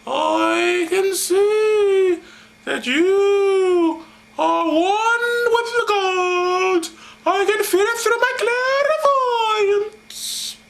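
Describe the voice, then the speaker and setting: A man's voice: extremely high pitch, very slow, gravelly, background noise, pitched above the performer's own voice, full character voice. A man doing a shrieking possessed girl. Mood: mystic. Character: shrieking possessed slave girl, theatrical fortune-teller.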